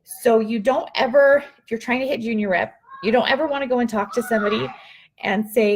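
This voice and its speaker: A woman's voice: on the high side, fairly quick. Chatty upbeat woman coaching her team. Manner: chatty, upbeat, laughs often, talks to viewers by name. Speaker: team leader giving a live training. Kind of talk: casual live-stream coaching talk.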